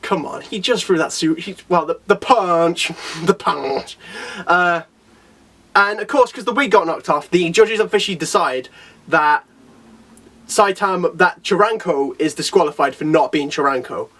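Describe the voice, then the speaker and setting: A man chatting excitedly about a comic chapter, laughing often and briefly acting out the characters' lines. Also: fairly high pitch, moderate pace, recorded from a distance. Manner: animated, laughs often, quotes characters in little voices. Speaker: anime reviewer. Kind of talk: excited casual chat.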